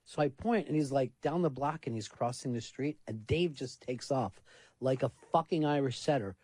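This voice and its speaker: A man hosting a radio talk show, telling anecdotes in a profane, animated way. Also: mid-range voice, moderate pace, no room sound. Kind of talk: casual radio storytelling. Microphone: studio microphone.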